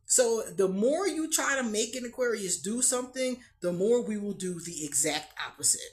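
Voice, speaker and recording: A woman's voice: mid-range voice, moderate pace, few pauses. Woman just chatting, laughs a lot, voice jumps all over. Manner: laughs often, animated storytelling. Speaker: astrology channel host. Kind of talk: casual chat to camera.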